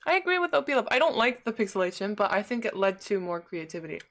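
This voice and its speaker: A woman's voice: mid-range voice, sing-song, quick pace, a bit bright. Casual female streamer, chatty and giggly, reading and answering chat. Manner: laughs often, chatty, answers chat messages. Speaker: livestreamer.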